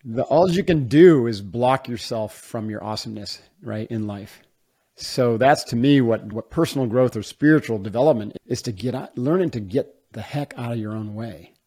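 A man from upstate New York, a guest in an interview, telling a story in a casual, animated way and acting out the voices of the people he quotes. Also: mid-range voice, moderate pace, slightly rough. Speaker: interview guest, former Navy SEAL.

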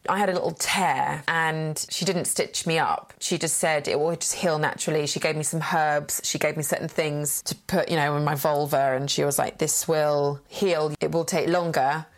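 A woman speaks in a noticeably low voice. She tells her stories frankly and with animation, slipping into the voices of the people she quotes. The tone is that of an unscripted, casual conversation. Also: steady tone, moderate pace, few pauses. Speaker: guest. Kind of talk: candid conversational storytelling.

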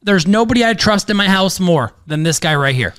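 Rambling, excitable man hosting a podcast. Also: sits high, brisk, clean tone. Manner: rambling, excitable, swears casually, many "um"s. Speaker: podcast host, sports bettor. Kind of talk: casual podcast chat.

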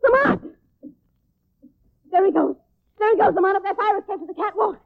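A woman's voice: very high-pitched, brisk, vocal fry. An actress playing a brave young woman sidekick in a 1940s radio drama, breathless and alarmed. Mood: shouting. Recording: dull old radio recording.

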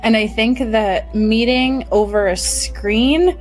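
A woman's voice: on the high side, slow pace, soft background music, low-quality recording. A woman game master in a casual panel chat, chatty, laughing often and trailing off into restarts.

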